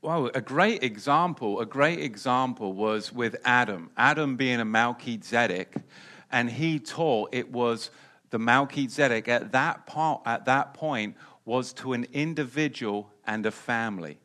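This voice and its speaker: A man's voice: medium pitch, measured pace, bright, forceful tone. Emphatic man teaching scripture. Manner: emphatic, repeats key phrases. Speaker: preacher. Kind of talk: Bible teaching.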